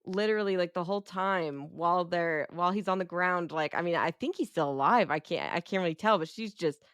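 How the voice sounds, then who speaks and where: Swearing, chatty woman co-host, low voice. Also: fairly quick, fairly bright tone, no room sound, clean studio sound. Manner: chatty, swears freely, acts out characters' lines. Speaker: podcast co-host. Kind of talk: casual movie review chat.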